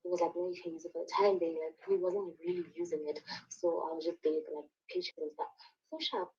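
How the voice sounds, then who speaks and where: A young woman from Lesotho telling her own story in a casual, animated way, acting out the quotes and saying "like" and "sharp" often. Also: fairly low pitch, brisk, far from the mic, lo-fi sound.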